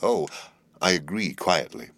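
A man's voice: low-pitched, big pitch swings, measured pace, gravelly, a bit bright, no room sound, heavily acted. A man voicing a bored, witty young heiress who talks in a cool, teasing, languid way.

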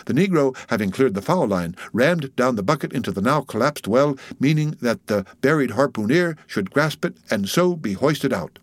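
A man's voice: mid-range voice, lively intonation, no room sound. Man narrating a classic sea story. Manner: measured, dramatic storytelling. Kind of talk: audiobook narration of a classic novel.

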